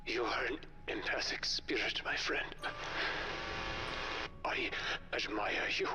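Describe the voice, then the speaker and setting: A man's voice: mid-range voice, steady tone, slow pace, close to an everyday voice. An actor playing an exhausted man fighting to stay awake, speaking in a faint whisper from a game. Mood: weary. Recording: distant game audio with hiss.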